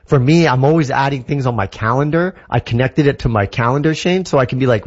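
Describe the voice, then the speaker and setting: A man's voice: mid-range voice, lo-fi sound. A man from Canada explaining a tech product in an enthusiastic, casual way, with lots of examples and fillers. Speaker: tech guest.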